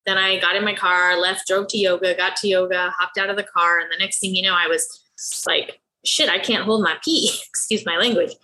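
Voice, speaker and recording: A woman guest telling a personal story in an interview, candid and animated, laughing often and acting out what people said. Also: brisk, low-quality recording. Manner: animated, acts out her own past dialogue with lively pitch jumps. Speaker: podcast guest.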